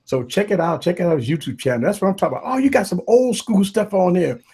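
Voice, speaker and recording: A man hosting a live tech talk stream, giving loud shout-outs to viewers and panelists in casual, hyped chat. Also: high voice, fast talker, slightly rough. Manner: hype, repetitive shout-outs, animated. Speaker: livestream tech show host.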